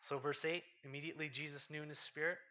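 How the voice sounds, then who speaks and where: A man preaching a sermon, reading scripture aloud with rising intensity and dropping to quiet asides. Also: on the high side, little pitch movement, fast talker. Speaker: pastor. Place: church. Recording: lo-fi sermon podcast recording.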